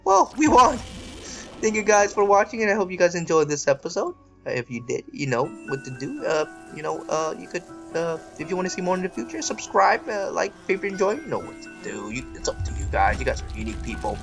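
A woman running a gaming channel offers rambling, self-mocking let's-play commentary, bursting into yells and laughter during tense fights. Her voice is lowish, animated, and a little fast, with music playing in the background.

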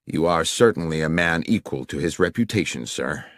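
A man voicing a smooth, self-assured male gentleman in an audiobook, affable and genteel. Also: very deep voice, animated, moderate pace, no room sound, studio quality.

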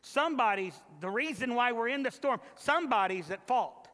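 Frightened sailors fret and repeat themselves in anxious bursts, as a male preacher puts them on. The voice is tense and bright. A long church reverb trails every line. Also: very high voice, expressive, moderate pace, pitched above the performer's own voice, full character voice. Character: frightened sailors, grown men, panicky.

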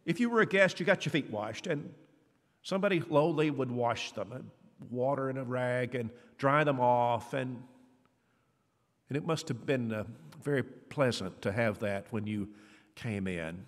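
A man delivering a conversational sermon as preacher, acting out quoted dialogue with lively shifts in voice. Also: measured pace. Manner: conversational, acts out quoted dialogue with rising pitch. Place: church hall. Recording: long church reverb.

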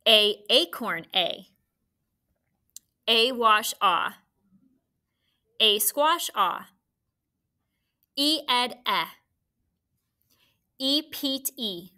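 A woman teacher with a very bright, sharp tone speaks slowly and deliberately. She leads a phonics drill, saying each letter and key word so children can repeat it. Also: a little high, lively intonation. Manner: slow, clear call-and-response drilling. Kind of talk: classroom video lesson, phonics drill.

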